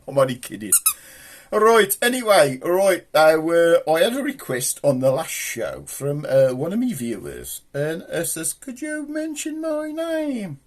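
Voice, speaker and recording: A man with a broad Black Country accent chats to viewers as host of a small comedy show. He rambles and jokes in thick local dialect, his voice sitting a little high and swinging widely in pitch. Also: wildly swooping pitch, unhurried. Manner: joking, rambling, dialect-heavy. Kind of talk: rambling comic chat to viewers.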